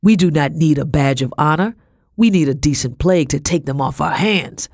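A man's voice: a little high, moderate pace, dry recording, clean studio sound. A man voicing a blunt, scornful British army officer in an audiobook. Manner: scornful, brusque.

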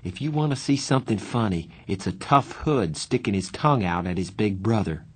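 This man is an audiobook narrator voicing a first-person novel, his voice low and husky. The telling is plain and steady, and his pace never hurries or wavers.

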